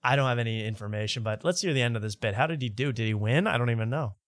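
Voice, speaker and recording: A man's voice: mid-range voice, racing, no echo, clean studio sound. A man hosting a podcast, chatting casually and joking while reacting to old clips. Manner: loose, joking commentary. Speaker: podcast host.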